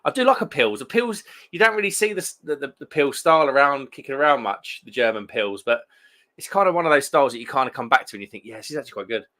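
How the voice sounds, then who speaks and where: A man's voice: mid-range voice, animated, quick pace, pushed and bright. A man hosting a beer live stream, chatting casually and rambling through viewer comments with plenty of restarts. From England.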